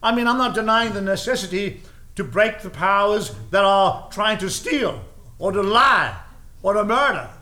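A man's voice: high voice, expressive, moderate pace, sharp tone. A man preaching a sermon, driving his points home with repeated phrases and casual asides. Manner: emphatic, repetitive preaching cadence with asides.

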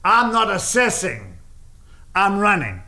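A man's voice: high voice, huge pitch swings, takes it slowly, bright, forceful tone, soft background music. A man preaching a sermon, driving his points home with repeated phrases and casual asides. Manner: emphatic, repetitive preaching cadence with asides.

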